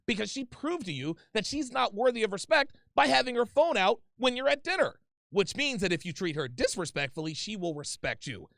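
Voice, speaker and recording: A man's voice: sits high, sing-song, brisk, vocal fry, a bit bright, no room sound, clean studio sound. A man hosting a call-in advice show, talking bluntly and emphatically with plenty of swearing. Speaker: host taking calls.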